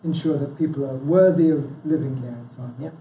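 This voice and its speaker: A brisk man with a mid-range, dark-toned voice chairs a local branch meeting, giving a chatty, informal presentation and quizzing the audience. He keeps restarting and interrupting himself, sprinkling in "yeah?" and "you know". He stands far from the mic in an echoey meeting room with a live audience.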